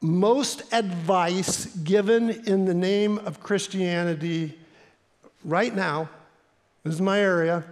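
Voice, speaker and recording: A man preaching a sermon as pastor, telling stories earnestly and repeating key lines for emphasis. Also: high-pitched. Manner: earnest storytelling with emphatic repetition. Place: church sanctuary. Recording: long church reverb.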